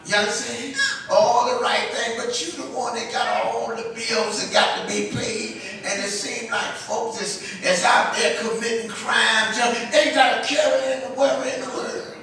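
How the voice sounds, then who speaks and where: A man's voice: very high-pitched, little pitch movement, moderate pace, vocal fry, pushed and bright. A man, a pastor, preaching a sermon and leading the congregation in call-and-response. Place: church sanctuary. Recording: echoey church from a distance.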